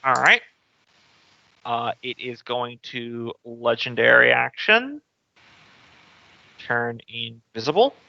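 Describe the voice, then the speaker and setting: A man acting as game master, calling out rolls and monster attacks in a brisk, matter-of-fact way. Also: medium pitch, expressive, vocal fry, bright, forceful tone, muffled recording. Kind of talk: running a tabletop game.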